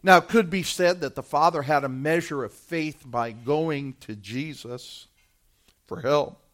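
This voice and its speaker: High-pitched guy preaching a sermon, gets fired up then goes quiet, talking right to the church folks. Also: measured pace. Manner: impassioned preaching, swelling from hushed to loud; addresses the congregation directly, who answer back.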